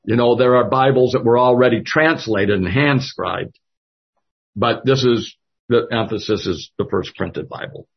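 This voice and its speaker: A man leading a Bible study discussion, speaking slowly and haltingly with many fillers. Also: mid-range voice, creaky, slightly rough. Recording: dull lo-fi audio.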